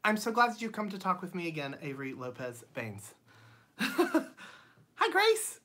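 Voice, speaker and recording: A woman's voice: lowish voice, wildly swooping pitch, a little slow. A woman hosting a livestream from her home studio, greeting viewers by name in a chatty way with lots of ums. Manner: chatty, reads viewer comments aloud; frequent ums and bright laughs. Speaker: channel host. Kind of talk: casual livestream chat.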